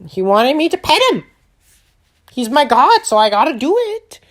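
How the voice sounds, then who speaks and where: A woman's voice: high voice, big pitch swings, moderate pace. A woman hosting a gaming channel, giving a silly, rambling recap of her game with lots of filler sounds. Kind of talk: playful game recap narration.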